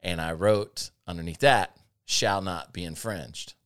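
On his casual podcast talk show, the male host recounts sardonic stories about a former job and laughs frequently. His deep, smooth voice has a fairly bright tone and a measured pace.

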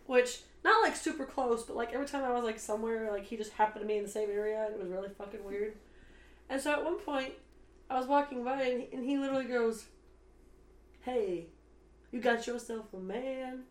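Brash, foul-mouthed high-voiced woman. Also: steady tone, fast talker, roomy sound. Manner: brash, swears constantly. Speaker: podcast host. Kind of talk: casual podcast chat. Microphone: studio microphone.

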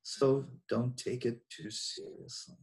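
Boston man as a relaxed podcast guest. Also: medium pitch, takes it slowly. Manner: relaxed, reflective, many fillers and restarts. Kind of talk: casual interview chat.

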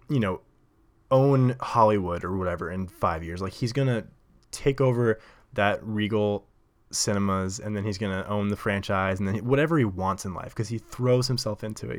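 A man hosting a show, telling a story in a rambling, casual monologue full of fillers and self-corrections. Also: medium pitch. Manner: rambling, lots of likes and self-corrections, laughs often. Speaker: podcast host.

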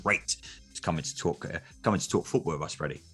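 Casting: very low-voiced English man, easygoing podcast co-host, rambles a bit. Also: quick pace, a bit bright, breathy edge, soft background music. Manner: rambling, loose, peppered with "you know". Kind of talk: casual sports podcast chat.

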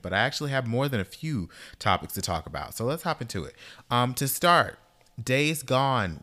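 Sassy young man ranting on a podcast. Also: medium pitch. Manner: sassy, dramatic, swings between shouting rants and dry asides. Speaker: podcast host. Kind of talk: casual podcast monologue.

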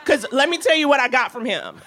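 A woman co-hosting a comedy podcast, telling a story in a sassy, animated way with laughing asides. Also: high-pitched, fast. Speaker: podcast co-host.

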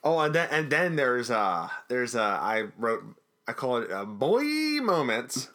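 A man's voice: medium pitch, very animated, measured pace, fairly bright tone. A man co-hosting a podcast, recapping an episode in a chatty, jokey way. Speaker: podcast co-host. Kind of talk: casual recap chat.

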